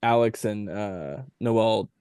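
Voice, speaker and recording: A man's voice: fairly low pitch, takes it slowly, dark tone, clear, resonant tone, dry recording. Guest musician, male, rambling casual storyteller, close dry mic. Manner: rambling, many "like" fillers. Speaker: touring band member, podcast guest.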